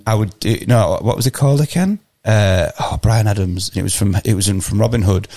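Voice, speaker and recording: A man's voice: on the low side, a little fast, mellow. A man hosting a casual podcast, telling a long pub-quiz story and teasing his co-hosts. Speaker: podcast host.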